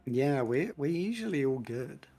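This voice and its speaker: A man's voice: medium pitch, big pitch swings, a little slow, dark tone, faint music behind. Easygoing male streamer guest. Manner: easygoing, chatty. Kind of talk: casual chat.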